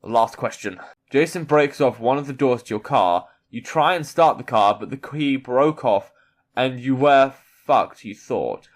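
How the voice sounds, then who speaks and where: A man's voice: medium pitch, expressive, a little slow. A man reading an online quiz aloud in character and reacting to it, swearing casually and boasting in mock bravado. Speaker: YouTuber playing a character persona.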